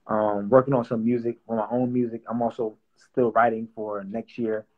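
A man's voice: mid-range voice, little pitch movement, normal speed, narrow, tinny audio. A young man who writes and produces songs, chatting casually in an interview, playful and loose with lots of fillers and repeats. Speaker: songwriter and producer.

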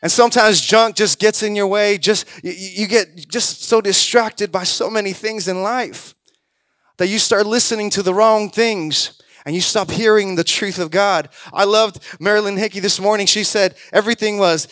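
A man preaching a sermon as a pastor, acting out quoted voices and building to loud exhortations. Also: high-pitched, normal speed, no room sound, clean studio sound.

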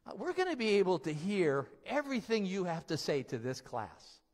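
Fields: a man doing a gentle, jolly nun teacher, coaxing voice, long echo. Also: high voice, sing-song, moderate pace. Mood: loving, encouraging. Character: loving, jolly older woman teacher nun.

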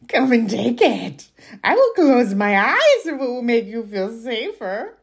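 A woman voicing a huge, sly troll that coaxes children closer in a slow, half-whispered voice while reading a children's novel aloud. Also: fairly high pitch, very animated, creaky, husky, pitched above the performer's own voice, exaggerated voice. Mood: coaxing.

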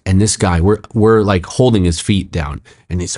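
A middle-aged man, a pastor, telling a story in a podcast conversation, narrating quickly and acting out the quoted speech with sudden jumps in pitch. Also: fairly even intonation, dark tone. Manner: fast, emphatic narration with frequent "like" and "I'm like".

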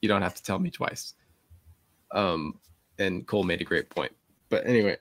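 A man's voice: low voice, moderate pace, no room sound. A man co-hosting a casual podcast over a remote call, chatting with wry, sarcastic asides. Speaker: podcast co-host.

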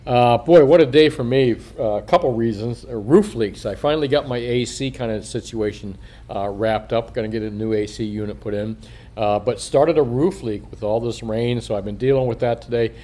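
Rambling, profane older man with a dark voice. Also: mid-range voice, moderate pace. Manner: rambling and profane, with chuckles and slurred consonants from a missing tooth. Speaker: coin shop owner and market commentator. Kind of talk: casual video monologue.

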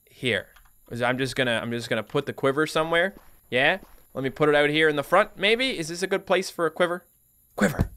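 A young man commenting on his own gameplay for viewers, excitable and jokey, with sudden loud outbursts. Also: clear, resonant tone. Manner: excitable, jokey, talks to viewers, big pitch jumps. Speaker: gaming YouTuber. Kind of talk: let's play commentary.

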